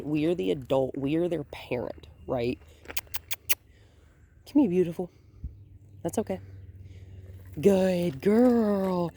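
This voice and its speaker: A woman dog trainer filming a walk outdoors on a hand-held phone, calmly explaining and softly praising the dog. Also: low-pitched, a little hiss or hum. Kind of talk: hands-on training demonstration. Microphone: phone held in one hand.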